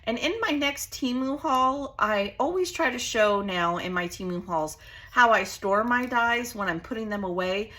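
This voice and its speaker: Chatty crafty lady doing a tutorial at home, bright voice that bounces around a lot. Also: on the high side, lively intonation, normal speed. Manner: bubbly, chatty, gushing. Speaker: crafting channel host.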